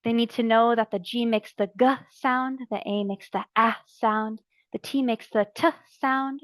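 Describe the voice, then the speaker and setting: A woman presenting a training session for early childhood educators, explaining letters and sounds clearly and deliberately. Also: a little high, steady tone, a bit bright, dry recording. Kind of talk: instructional narration.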